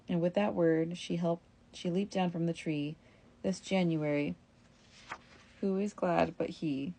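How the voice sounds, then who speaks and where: Low, creaky woman reading verse aloud. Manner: steady, measured storytelling. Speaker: reader.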